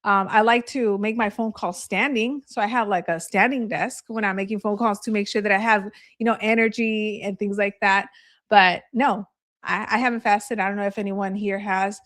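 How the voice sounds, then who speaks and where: A woman's voice: mid-range voice, fairly even intonation, moderate pace, fairly bright tone. A woman real estate agent giving a live training, telling candid stories in a chatty way and laughing easily.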